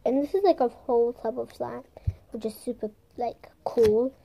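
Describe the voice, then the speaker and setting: A young woman with a high, bright-sounding voice chats through a casual show-and-tell of toys. She is bubbly and playful, slips into soft whispers for ASMR moments, and makes silly sound effects. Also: moderate pace, creaky, slight background noise. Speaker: vlogger showing squishies and slime.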